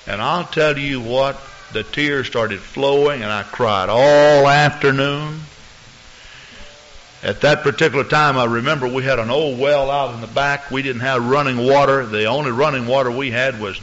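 A man preaching a sermon as pastor, telling stories in an animated way and acting out the people in them. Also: a little high, moderate pace. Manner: animated storytelling preacher, acts out voices. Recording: muffled lo-fi recording.

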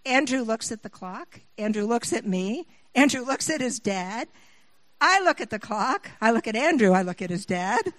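Higher-voiced woman preacher, dry sound. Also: expressive, moderate pace, a bit bright, no room sound, rough recording. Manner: mixes scripture reading with personal storytelling; emphatic, rising on appeals to the listeners. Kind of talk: sermon.

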